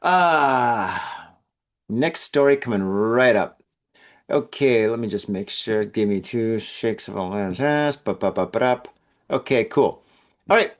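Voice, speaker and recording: A man hosting a comedy news podcast, reading odd stories and riffing on them with jokes and acted-out asides. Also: mid-range voice. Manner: animated, joking asides, acts out drunk voices. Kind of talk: casual comedic news commentary.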